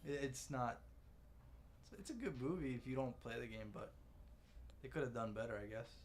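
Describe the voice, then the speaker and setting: A man's voice: mid-range voice, expressive, moderate pace, slight background noise. A man on a podcast asking trivia questions in casual chat. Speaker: trivia quizmaster.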